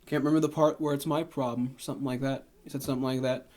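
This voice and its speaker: A man's voice: mid-range voice, steady tone, very fast, a little mellow. A man co-hosting a casual podcast, retelling a movie plot and acting out scenes in goofy voices. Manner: rambling, acts out movie scenes in silly put-on voices. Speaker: podcast co-host. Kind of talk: casual movie recap chat.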